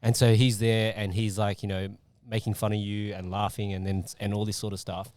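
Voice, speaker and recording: A man's voice: on the low side, flat delivery, a little fast, darkish tone, clear, resonant tone. A man hosting a podcast, chatting casually and thinking aloud with plenty of fillers. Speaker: podcast host. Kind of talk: casual interview chat.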